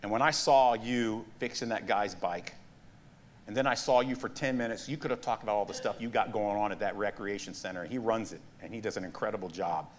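A middle-aged man pastor preaching a sermon, telling stories with animated asides and laughs. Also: fairly low pitch, fairly quick, a little hiss or hum.

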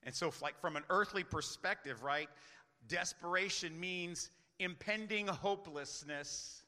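A man's voice: high-pitched, measured pace, pushed and bright, long reverb tail. A man preaching a sermon as pastor, earnest, often asking rhetorical questions.

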